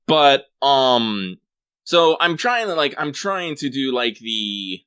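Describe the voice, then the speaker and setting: A man in casual chat, rambling and animated, full of fillers and swearing as he talks about a tabletop game. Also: mid-range voice, takes it slowly, smooth, no echo, studio quality. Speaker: podcast co-host.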